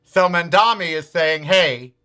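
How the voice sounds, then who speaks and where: A man's voice: on the high side, a little slow, bright, forceful tone. A man hosting a political talk show, ranting with profanity, sarcasm and repeated challenges to his audience. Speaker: podcast host.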